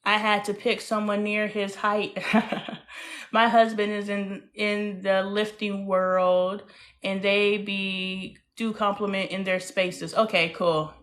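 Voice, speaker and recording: A woman in her thirties hosting a casual livestream chat, telling stories in a chatty, animated way with playful exclamations. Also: mid-range voice, takes it slowly. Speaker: host.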